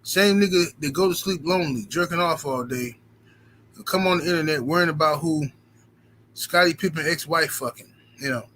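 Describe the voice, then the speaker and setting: A man talking casually on a livestream, swearing freely as he rambles from one riff to the next. His voice sits a little higher than most men's, and a faint hiss runs underneath it. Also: moderate pace. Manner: profane, rambling, animated storytelling. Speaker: livestream host reading super chats.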